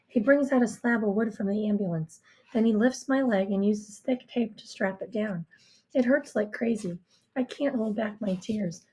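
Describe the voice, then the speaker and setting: A woman reading a first-person story in a hushed, intimate way. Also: mid-range voice, moderate pace. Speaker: audiobook reader.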